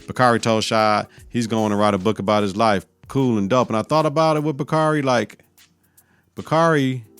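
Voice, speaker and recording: A man's voice: mid-range voice, moderate pace, clean tone, soft background music. A male podcast host giving a casual, profane recap of a TV episode, laughing often.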